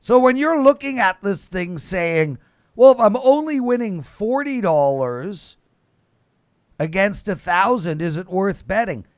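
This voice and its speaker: A man hosting a casual betting panel show, lecturing listeners with emphatic swings between loud bursts and low mumbles. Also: lively intonation, a little slow, no echo, clean studio sound. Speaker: show host.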